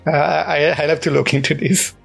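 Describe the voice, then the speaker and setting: A man's voice: on the high side, steady tone, moderate pace, gravelly, breathy edge, faint music behind. A man co-hosting a podcast in casual chat, explaining things with hesitant fillers. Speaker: podcast co-host.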